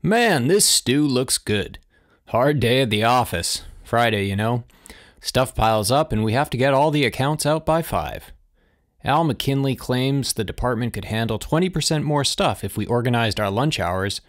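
A man's voice: mid-range voice, animated, normal speed, close to an everyday voice. A man voicing a cheerful, boisterous husband who is secretly an alien impostor, in an audiobook. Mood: hearty. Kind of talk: audiobook character voice.

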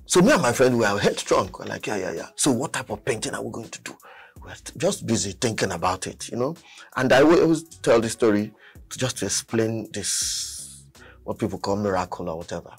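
A man, a painter telling a story as a guest, animated and laughing often. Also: lowish voice, brisk, breathy edge, soft background music. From Nigeria. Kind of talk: storytelling in a chat.

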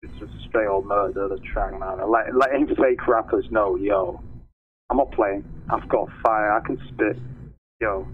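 A man's voice: on the low side, fairly even intonation, moderate pace. A man hosting a casual spoken review of hip hop tracks, talking in a laid-back slangy way and often tacking on "man" and "yo". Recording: tinny phone-like sound, faint noise.

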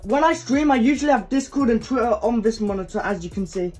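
A man's voice: extremely high pitch, expressive, fast talker, a little mellow, faint music behind. A young man in his teens, chatting casually as he shows off his gaming setup at his desk. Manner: chatty, showing things off as he goes. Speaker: gaming YouTuber. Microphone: desk microphone.

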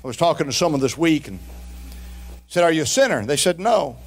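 A man's voice: on the high side, animated, brisk. A man preaching a sermon in a church, calling for responses from the congregation and throwing in folksy, humorous asides. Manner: preaching with shouted peaks and call-and-response. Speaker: pastor. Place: church sanctuary.

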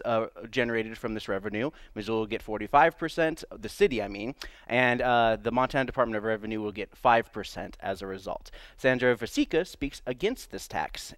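A male morning-show host reads through local news in a small studio, pausing often on fillers. The sound is dry and close. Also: mid-range voice, fairly bright tone, no room sound. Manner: halting, many filler pauses.

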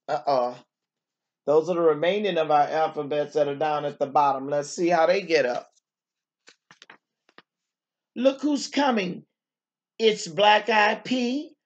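A woman teacher reads a picture book aloud to young children at a slow, unhurried pace. She stops to exclaim and to ask the little ones questions. The recording sounds dull and muffled. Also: low voice. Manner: gentle, exclaims often, asks children questions.

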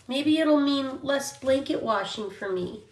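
A woman's voice: high-pitched, expressive, measured pace. A woman filming rescue puppies for a casual vlog, cooing at the dogs in baby talk. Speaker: dog rescue volunteer. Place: indoor room with dogs. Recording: echoey room, faint background noise.

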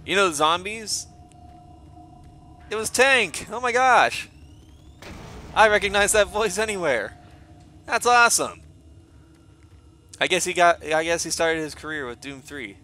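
Excitable, bright-voiced man gaming. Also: high-pitched, measured pace, pauses often. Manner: excitable, swears freely, mocks enemies. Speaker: gameplay commentator. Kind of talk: let's play commentary.

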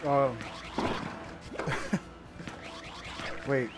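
A man's voice: mid-range voice, very slow. A man chatting casually and joking crudely while playing a video game. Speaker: gamer co-host. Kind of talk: casual let's-play chat.

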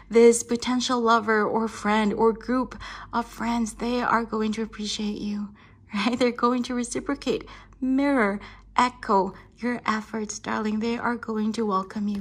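Woman tarot reader with a higher voice, soothing and affectionate, laughs often and calls the listener darling. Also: fairly bright tone. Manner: affectionate, keeps saying darling and right. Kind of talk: tarot reading addressed to the viewer.

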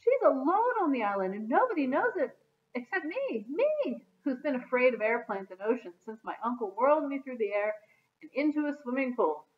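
A timid woman writer frets and groans her way through her worries, as a woman reads her part aloud. The voice sits a little high and the sound is dull and lo-fi, like a home recording of a storybook. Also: very animated, moderate pace. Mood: fretful. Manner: fretful, groaning complaints.

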